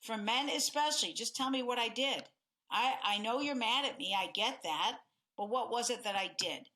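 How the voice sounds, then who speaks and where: A woman's voice: a little high, moderate pace. A middle-aged woman hosting a self-help podcast as a life coach, talking expressively and acting out examples of dialogue. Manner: expressive, acts out quoted dialogue in different tones.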